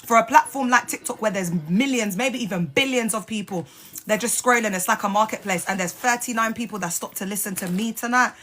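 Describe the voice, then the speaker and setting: Bright, sassy woman streaming live. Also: a little high, fairly quick. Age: adult mother. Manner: blunt, sassy, swears freely. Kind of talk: casual live stream talk. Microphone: phone.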